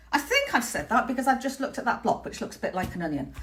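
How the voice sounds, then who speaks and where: Chatty, lively-voiced woman teaching crafts. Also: on the high side, fast. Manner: chatty, self-mocking, rambling jokes. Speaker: textile art teacher. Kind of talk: live-streamed craft workshop.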